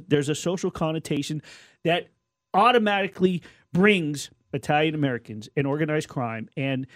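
Man, slightly high voice, sports talk host, earnest and wordy, dry studio sound. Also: no echo. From Colombian and Lebanese heritage. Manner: earnest, explaining at length with restarts. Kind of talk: casual talk show banter.

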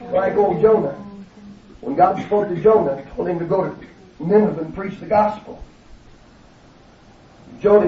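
A man's voice: a little high, a little hiss or hum. A man preaching a fervent, folksy sermon in a church, often calling out hallelujah. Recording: distant, roomy, dull sound.

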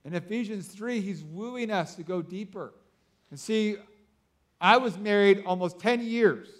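High-pitched guy preaching, rambly excited stories, says like a lot. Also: measured pace. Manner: excitable storytelling with many fillers. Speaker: pastor. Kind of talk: sermon.

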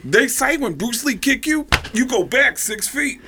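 A man putting on an excitable male comedian who talks in high, loud, rambling bursts. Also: a little slow, noisy background, full character voice. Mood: hyped.

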